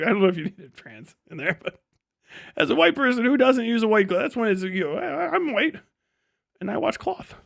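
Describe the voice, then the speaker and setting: A middle-aged man hosting a livestream, talking in a casual, animated rant with frequent swearing and incredulous outbursts. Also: fairly high pitch. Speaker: livestream host.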